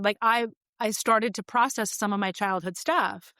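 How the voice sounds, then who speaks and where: A woman's voice: mid-range voice, fairly even intonation, moderate pace, pushed and bright, no room sound, studio quality. A woman in her forties, a podcast guest telling personal stories in a candid, reflective, conversational way with frequent fillers.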